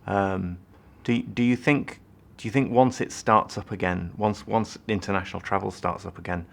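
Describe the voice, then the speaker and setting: A man with a deep voice and a gravelly rasp, interviewing a guest. He phrases his questions slowly, repeating words as he works toward them. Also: steady tone. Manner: hesitant, repeats words while forming questions. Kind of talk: interview conversation.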